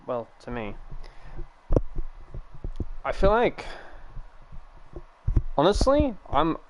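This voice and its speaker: A man's voice: fairly high pitch, wildly swooping pitch, extremely slow, noisy background. A British man from the UK chatting casually on a live stream, rambling, swearing and laughing easily.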